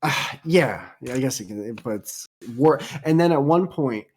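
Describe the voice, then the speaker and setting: A man's voice: mid-range voice, expressive, normal speed, darkish tone, slightly rough. A man hosting a casual podcast chat, telling a story in a heated, profane way. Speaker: podcast host.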